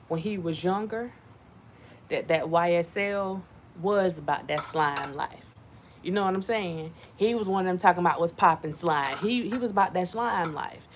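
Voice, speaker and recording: A woman giving casual commentary to her viewers, animated and repetitive, talking to them as y'all. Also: fairly low pitch, a little hiss or hum. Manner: animated, repeats herself, addresses viewers as y'all. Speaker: channel host.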